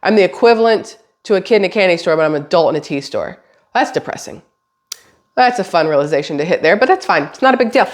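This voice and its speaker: A woman's voice: fairly low pitch, expressive, fast talker. A woman, a mother, chatting casually to camera as a vlogger, rambling and swearing lightly. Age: adult, has a daughter.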